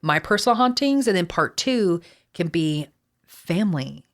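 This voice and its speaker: A woman's voice: on the low side, lively intonation, a little slow. A woman from Texas with a Texan accent, telling personal stories as a podcast co-host. She talks in a chatty, rambling way and swears freely. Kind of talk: casual podcast storytelling.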